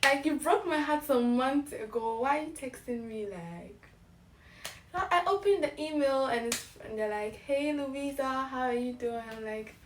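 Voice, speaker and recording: A woman's voice: sits high, moderate pace, roomy sound, distant mic, slight background noise. A young woman in her twenties from Ghana, telling a casual story-time vlog and laughing as she acts out the emails she got. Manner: animated, laughing, acts out emails in bright voices. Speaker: vlogger.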